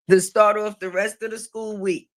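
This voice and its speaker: A woman's voice: mid-range voice, little pitch movement, unhurried. A middle-aged woman giving casual live-stream commentary, brash and profane, laughing often at her own jokes.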